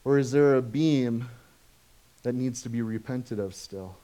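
A man in the middle of a sermon, talking to his congregation like friends, tossing them quick questions and tags. He gets lively when telling everyday stories, then drops quiet and low for the serious points. His voice sits at an ordinary middle pitch. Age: adult, has children. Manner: conversational, asks the congregation questions often; swings from animated to soft and low. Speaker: pastor.

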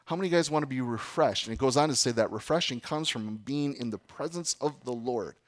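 A man preaching a sermon as pastor, talking to the congregation in a conversational way and often checking in with "okay" and "guys", sometimes rising to emphatic, louder peaks. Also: medium pitch, fast, no room sound, clean studio sound.

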